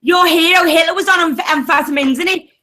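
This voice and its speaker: A woman's voice: extremely high pitch, fast talker, sharp tone, soft background music. A woman arguing heatedly in an online voice chat, combative and swearing constantly. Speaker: voice chat room participant.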